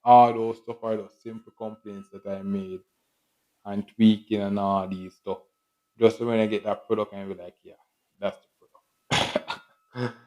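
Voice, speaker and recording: Low, flat-voiced man rambling casually. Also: low-quality recording. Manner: rambling, repetitive, with frequent laughs and acted-out quotes. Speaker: podcast host. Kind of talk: casual solo monologue.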